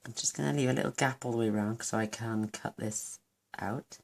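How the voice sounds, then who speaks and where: A woman's voice: rumbling low, steady tone, a little fast, vocal fry, a little mellow, a little hiss or hum. A woman hosting a card-making tutorial, chatting casually and gushing over her work as she thinks aloud. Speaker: craft channel host.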